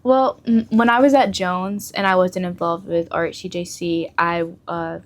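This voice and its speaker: A woman's voice: on the low side, fairly even intonation, normal speed. Giggly young woman chatting as a guest. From Mississippi Gulf Coast. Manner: chatty, giggly, lots of fillers. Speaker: guest, local news reporter. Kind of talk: casual podcast interview.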